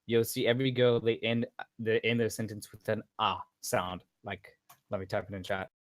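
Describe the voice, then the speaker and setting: A man's voice: lowish voice, level tone, moderate pace, dry recording. A man casually coaching a voice-training session over voice chat, rambling with frequent restarts and asides.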